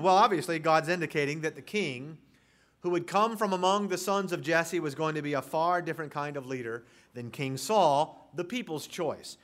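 A man's voice: on the high side, a bit bright. A man preaching an expository sermon, reading scripture aloud and speaking directly to his congregation. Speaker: pastor.

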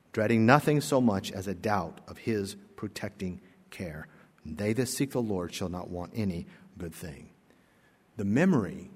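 A man preaching a sermon as a pastor, reading a story aloud earnestly and rising to emphatic exclamations. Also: on the low side. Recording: long hall reverb.

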